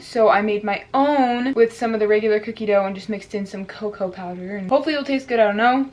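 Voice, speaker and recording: A young woman vlogger chatting casually to her viewers while she eats. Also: on the high side. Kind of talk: casual mukbang chat.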